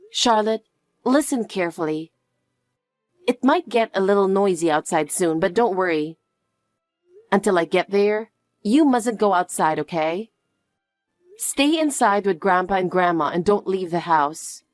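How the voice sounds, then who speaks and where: Woman storyteller, reassuring mother voice; lively pitch, slow delivery. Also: no room sound, soft background music. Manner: soft, soothing and reassuring. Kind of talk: scripted story narration.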